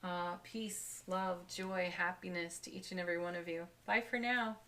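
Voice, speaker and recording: A woman giving a daily tarot card reading, speaking softly and warmly with gentle enthusiasm and frequent light laughs. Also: fairly low pitch, steady tone, normal speed. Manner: soft, spiritual, gently enthusiastic, laughs often.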